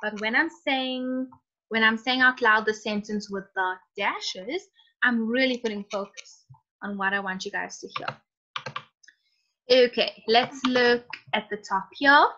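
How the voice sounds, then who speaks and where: Speaking a little slowly, a woman with a bright, forceful, fairly high voice runs an online class. She keeps things chatty and encouraging, reading aloud what her students write, and the sound is lo-fi call audio.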